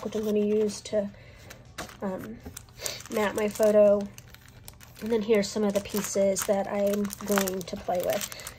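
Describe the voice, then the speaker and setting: A woman in her forties talks through a crafting tutorial in a chatty, explanatory way. Her voice sounds stuffy and a little crackly from a cold. Her pitch sits in a middle range, and a faint hum runs underneath. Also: darkish tone. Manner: chatty and explanatory, walking through each step. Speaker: scrapbooking channel host.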